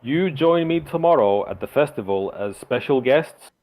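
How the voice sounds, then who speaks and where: A man's voice: mid-range voice, expressive, moderate pace, darkish tone, pitched above the performer's own voice, lightly acted, low-quality recording. A man voicing a stern, suspicious male town leader who interrogates strangers in a tabletop game. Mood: pleased. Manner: interrogating, demanding.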